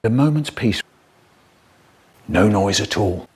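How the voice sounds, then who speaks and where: A man telling comic stories, animated and playful, with exaggerated swoops in his voice. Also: lowish voice, slow, husky. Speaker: children's storyteller. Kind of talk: comic storytelling, spliced edit.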